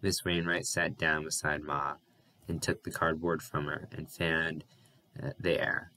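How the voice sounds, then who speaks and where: A man reading a novel aloud as an audiobook narrator, steady and even, with an occasional slip and restart. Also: extremely low pitch, a little slow, low-quality recording.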